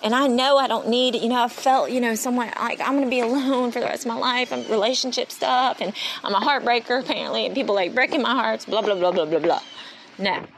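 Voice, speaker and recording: A woman hosting a solo faith-driven motivational podcast, speaking in an animated, rambling, preachy way. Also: a little high, fast, slight background noise, low-quality recording. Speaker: podcast host. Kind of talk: solo inspirational podcast monologue.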